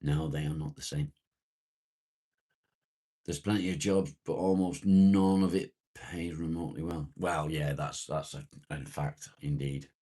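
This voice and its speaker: Very deep husky man chatting. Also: steady tone, warm tone. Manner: unhurried, rambling, greets chatters by name. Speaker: live-stream host reading viewer comments. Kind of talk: casual morning live chat.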